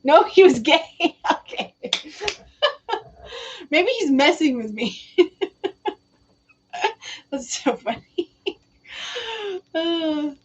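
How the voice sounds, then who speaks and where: A woman's voice: sits high, animated, very slow, pauses often, slight background noise, low-quality recording. A young woman giving psychic readings on a live stream, chatty and giggly, often quoting spirits in a casual voice. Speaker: psychic reader.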